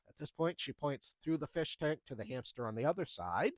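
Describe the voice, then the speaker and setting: A man in his thirties tells wry, chatty stories about his retail jobs, acting out the dialogue as he goes. His voice is on the high side and animated, a little fast with few pauses, and the recording is dry.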